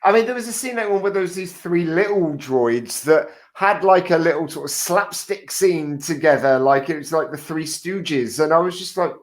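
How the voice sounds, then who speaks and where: A man's voice: fairly high pitch, normal speed, hardly any pauses. A man, a podcast co-host in casual chat, hesitant and agreeable.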